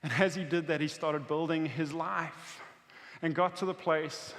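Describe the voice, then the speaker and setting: A man preaching a sermon as pastor, telling a story vividly and swinging between intense outbursts and hushed moments. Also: fairly high pitch, steady tone, unhurried. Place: church auditorium. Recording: church hall reverb.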